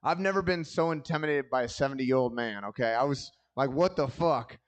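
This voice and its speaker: A man's voice: mid-range voice, a little fast, highs cut off. A man doing a stand-up comedy set on a club stage, telling loose, rambling stories full of crude jokes into a handheld mic.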